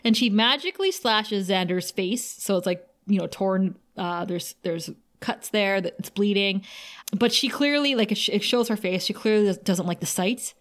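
A woman's voice: medium pitch, moderate pace. Chatty woman podcast co-host recapping. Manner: lively storytelling with frequent fillers. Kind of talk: casual episode recap.

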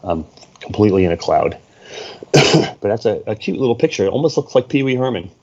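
A man's voice: on the low side, expressive, brisk, a little mellow, slightly rough. A man co-hosting a casual podcast chat, laid-back with dry quips. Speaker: podcast co-host. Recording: dull lo-fi sound.

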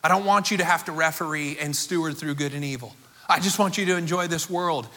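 A man's voice: fairly high pitch, a little fast, sharp tone, in a large hall. A preacher voicing God as an earnest, protective father figure who warns in plain everyday words. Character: gentle fatherly God warning Adam.

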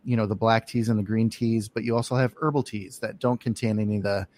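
A man's voice: lowish voice, steady tone, fast talker, a little mellow. A man hosting a casual interview, talking with many fillers and restarts as he asks questions. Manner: hesitant, lots of fillers and restarts. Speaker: podcast host.

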